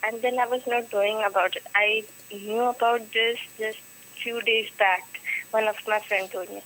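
A woman's voice: on the high side, steady tone, normal speed, a bit bright, a little hiss or hum, low-quality recording. Hesitant woman calling in to the radio. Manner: hesitant, full of fillers. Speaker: caller. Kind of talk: phone-in chat.

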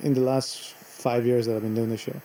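A man's voice: mid-range voice, little pitch movement, fairly quick, dark tone. A man hosting a call-in radio show, joking and teasing and cutting in on his caller. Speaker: radio host.

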